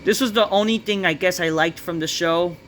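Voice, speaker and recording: A man's voice: high voice, a little fast, a bit bright, a little hiss or hum. A man ranting in a profane, dismissive way while reviewing a wrestling show.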